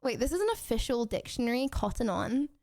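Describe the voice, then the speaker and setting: A young woman with a bright, high voice chats with her live viewers from home. She rambles, laughs easily and trips over her own sentences as she goes. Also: expressive, a little fast. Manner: chatty and rambling, with frequent restarts and giggles. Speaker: streamer. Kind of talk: casual chat with viewers.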